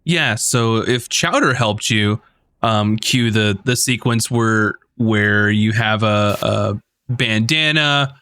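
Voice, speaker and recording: Give me a male game master with a bright, forceful voice, rambling through scenes. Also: lowish voice, slow pace, smooth, no echo, clean studio sound. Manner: rambling, full of fillers. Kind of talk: narrating a tabletop game.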